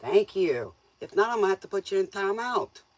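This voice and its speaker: A woman's voice: medium pitch, big pitch swings, a little fast, no echo. Woman, tarot stream host, folksy, joking, laughs a lot, dry close sound. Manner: scolds viewers playfully. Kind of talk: casual livestream chat with viewers.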